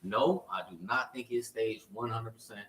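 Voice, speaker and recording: A man hosting a podcast, talking in a relaxed way full of fillers and asides. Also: lowish voice, normal speed, distant mic. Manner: relaxed, filler-heavy talk. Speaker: podcast host. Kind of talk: casual chat. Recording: roomy sound from away from the mic.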